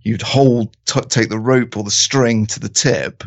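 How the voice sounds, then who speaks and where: A man chatting casually on a podcast in a relaxed way, laughing often. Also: mid-range voice, unhurried. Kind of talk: casual chat. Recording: dull lo-fi audio.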